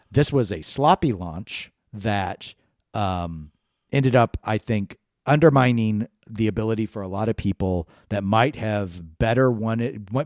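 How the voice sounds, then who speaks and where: A man co-hosting a casual podcast, his pitch jumping around as he jokes and riffs. The sound is dry and close, with no room to it. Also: dry recording. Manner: animated, jokey, puts on silly voices. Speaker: podcast co-host. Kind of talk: casual chat.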